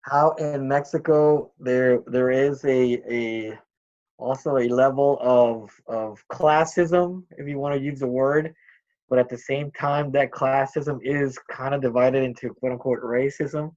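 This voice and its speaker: A man speaking as a guest in a casual discussion, halting and searching for his words. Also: mid-range voice, fairly even intonation, darkish tone, muffled recording.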